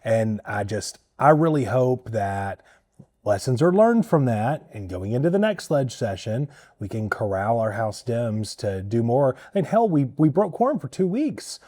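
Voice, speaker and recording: A man serving as a state party chair, talking candidly and bluntly in a political interview, with a husky voice. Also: medium pitch, big pitch swings, measured pace, mellow, dry recording, studio quality. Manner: candid, blunt, mildly profane.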